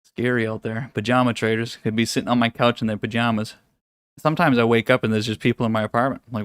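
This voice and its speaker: A man's voice: mid-range voice, steady tone, fast, clear, resonant tone, no room sound, studio quality. A man hosting a live trading stream from his home office, chatting casually with viewers, swearing freely, laughing often and teasing the chat.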